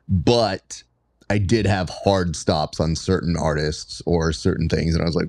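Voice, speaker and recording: A man's voice: deep voice, steady tone, measured pace, darkish tone, no echo. A man hosting a casual interview, joking and telling stories as he asks questions. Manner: playful, joking storyteller. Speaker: podcast host.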